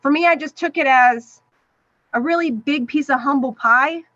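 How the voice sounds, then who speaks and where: Podcast guest, middle-aged woman, high bright voice, animated storyteller, dry dull recording. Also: normal speed, no echo. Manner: animated, acts out quoted voices. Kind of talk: emotional personal storytelling.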